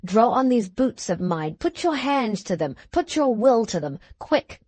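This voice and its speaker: Young Englishman, calm, urgent, commanding, read by a woman, high voice, dry close sound. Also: measured pace, no echo. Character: steady, urgent young Englishman, selfless rescuer.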